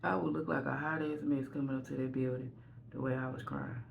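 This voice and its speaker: A woman's voice: rumbling low, fairly even intonation, fairly quick, creaky, highs cut off, slight background noise. A woman vlogger telling a candid, rambling story from home while getting ready. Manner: candid, rambling, self-deprecating.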